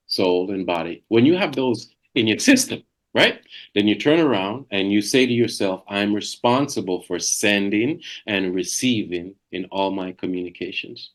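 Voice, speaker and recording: A middle-aged man leading a sales coaching webinar over a video call, talking emphatically and repeating key phrases. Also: medium pitch.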